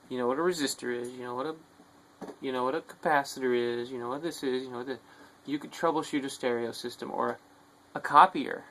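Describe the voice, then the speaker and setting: A man with a gravelly, rough edge to his voice delivers a bitter, profanity-laced rant to the camera. He drifts between low, weary muttering and sudden angry shouts, full of contempt for his listeners. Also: low-quality recording. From United States. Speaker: video diarist. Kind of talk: angry rambling monologue.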